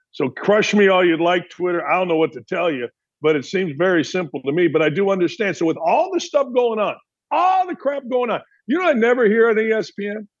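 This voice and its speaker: A man's voice: on the high side, dull audio. A man hosting a sports talk show, delivering a heated, opinionated monologue full of rhetorical questions. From Gary, Indiana area.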